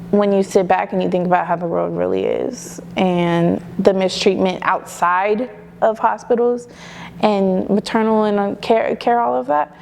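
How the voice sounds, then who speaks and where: Her voice is medium in pitch, gravelly and darkish, with a little background noise behind it. The young adult mother chats candidly in an informal interview, leaning heavily on fillers such as "like" and "you know."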